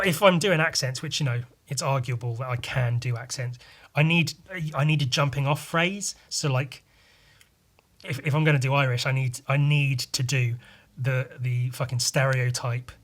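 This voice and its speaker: A man's voice: medium pitch, fairly bright tone. A man hosting a casual solo podcast, rambling, swearing freely and poking fun at himself. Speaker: podcast host.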